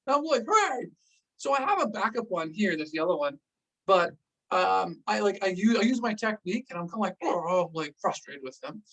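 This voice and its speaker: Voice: medium pitch, expressive, fairly quick, a bit bright, distant mic, poor audio. Chatty storyteller, says like a lot, acting out the whoas, mic a ways off. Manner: casual, lots of "like", acts out gasps and exclamations. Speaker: host recounting a diving story. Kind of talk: animated personal storytelling.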